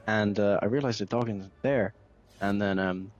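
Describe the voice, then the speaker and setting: A man's voice: on the low side, fairly even intonation, moderate pace, darkish tone, dull audio. A man telling a joke story in casual chat with friends, with many ums and repeated checks of "okay".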